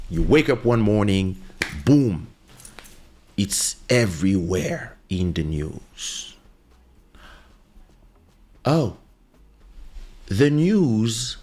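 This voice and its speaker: Slow, lively low-voiced man. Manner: animated storytelling, acts out quoted voices. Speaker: podcast host. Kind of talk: casual podcast monologue.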